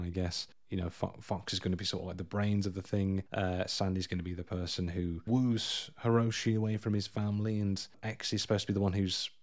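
A man co-hosting a podcast, chatting casually about a film in a rambling, self-deprecating way with frequent laughter. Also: low-pitched. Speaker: podcast co-host.

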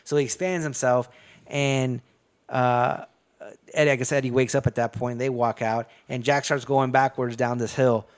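A man talks through a film's plot in loose, casual chat. His pitch sits in a middling range, and his delivery rambles with lots of swearing and false starts. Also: little pitch movement, normal speed. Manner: rambling, profane storytelling with many restarts. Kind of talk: casual movie recap chat.

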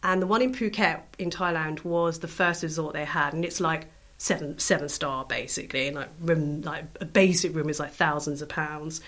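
A woman in her thirties, her voice sitting a little low, chats through her travel memories with a bubbly, rambling ease. She peppers every sentence with little fillers, sounding relaxed and talkative in a casual podcast conversation. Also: moderate pace. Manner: chatty, bubbly, many fillers. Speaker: podcast guest. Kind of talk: casual storytelling chat.

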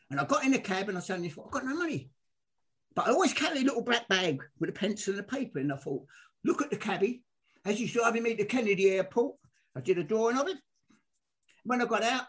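An older man, a guest sports artist, telling stories in a lively way and acting out the people in them. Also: extremely high pitch, quick pace, husky. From England. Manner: animated, acts out the people in his stories, repeats himself. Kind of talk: lively anecdotal storytelling.

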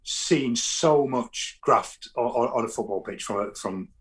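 A man, a football fan guest telling animated stories in casual chat, often restarting his sentences. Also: mid-range voice, takes it slowly. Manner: animated storytelling, frequent restarts.

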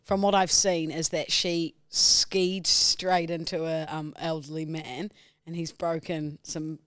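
A woman co-hosting a podcast, teasing and quick in casual banter. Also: sits low, flat delivery, fairly bright tone, no room sound, clean studio sound. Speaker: podcast co-host. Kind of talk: casual chat.

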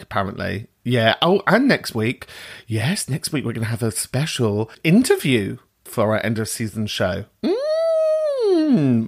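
Lively, sweary male host with a self-mocking comic delivery and a wide-ranging voice. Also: medium pitch. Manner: sweary, animated and self-mocking, laughs often. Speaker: podcast host. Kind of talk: comic monologue and show intro.

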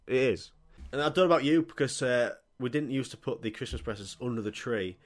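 A man's voice: medium pitch, fairly quick. Rowdy man telling comic stories. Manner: animated and crude, swears freely, acts out scenes. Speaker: podcast host. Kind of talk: comic storytelling monologue.

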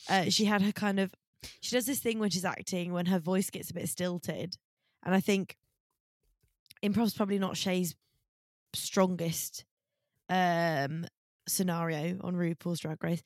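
A woman's voice: on the low side, fairly even intonation, moderate pace, dry recording, studio quality. A woman co-hosting a podcast in casual chat, chatty and swearing freely. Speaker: podcast co-host.

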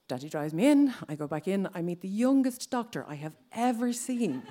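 A woman's voice: medium pitch, very animated, moderate pace, dark tone. A woman in her thirties with an Irish accent, telling a personal story on stage and acting out other people's lines. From Ireland.

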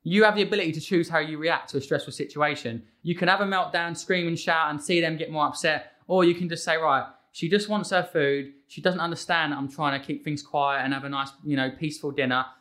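A man's voice: fairly high pitch, fast, few pauses. A man, chatting casually as a guest and acting out his children's voices. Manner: animated, acts out his kids' voices. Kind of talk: casual conversation.

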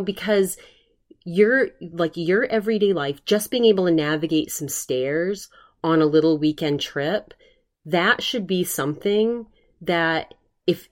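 A woman's voice: low voice, darkish tone. A woman hosting a solo podcast, talking earnestly and rambling with many restarts, emotional while recovering from covid. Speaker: podcast host.

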